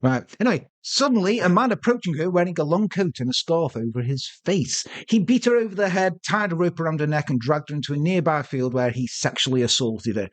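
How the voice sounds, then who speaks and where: A man co-hosting a podcast, telling a true-crime story with joking, deadpan asides. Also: fairly high pitch, brisk, few pauses, no echo. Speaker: podcast co-host.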